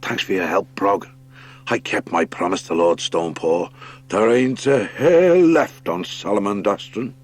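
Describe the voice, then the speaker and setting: A man voicing an old male boxing hare who gives brisk orders in a storybook reading. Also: lowish voice, animated.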